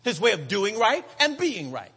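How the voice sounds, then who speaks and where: A man preaching a sermon in a church, with a rhythmic cadence, drawn-out emphatic words and frequent calls to the congregation. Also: high-pitched, wildly swooping pitch, a bit bright, slightly rough. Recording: long hall reverb.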